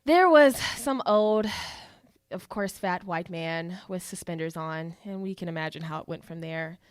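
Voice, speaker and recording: A woman co-hosting a podcast in casual chat, an animated storyteller who swears freely. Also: fairly low pitch, unhurried, clear, resonant tone, dry recording, clean studio sound. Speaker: podcast co-host.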